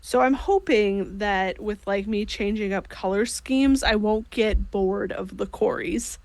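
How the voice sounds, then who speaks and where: A woman's voice: mid-range voice, measured pace, creaky, no echo. A woman with a Midwestern accent chatting casually as a co-host while she crafts, swearing freely. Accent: Midwestern American.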